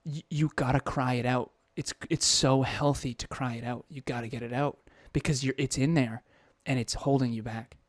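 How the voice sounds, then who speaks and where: A man's voice: mid-range voice, fairly even intonation, normal speed, few pauses, no room sound. Candid man telling a personal story. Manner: emotional, confessional, with frequent restarts. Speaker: podcast co-host.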